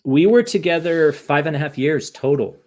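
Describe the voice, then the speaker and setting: A man's voice: on the high side, lively intonation, normal speed, a little mellow. A man from the United States, a podcast guest, speaking candidly and rambling with many restarts in an emotional interview.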